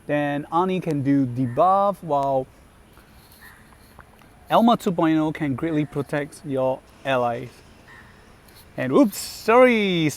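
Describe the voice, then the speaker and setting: A male gaming host talks casually about a game character. His voice sits a little high for a man, and he speaks slowly. He often stops to correct himself and fills gaps with "um" and "like". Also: darkish tone. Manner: halting, with many fillers and self-corrections. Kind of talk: casual commentary on game voice lines.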